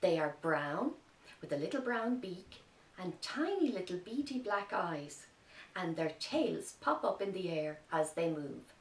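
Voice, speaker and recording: An Irish woman reads and chats to small children in an unhurried way, her pitch rising and falling. Her voice is gentle and clear. The mic sits a little way off in a roomy space. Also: expressive. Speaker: teacher. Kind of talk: storytelling lesson for young children. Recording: roomy sound from a distant mic.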